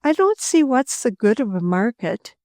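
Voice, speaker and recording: A woman's voice: on the high side, big pitch swings, moderate pace, darkish tone, no room sound, clean studio sound. A woman voicing an easygoing young male settler who drawls.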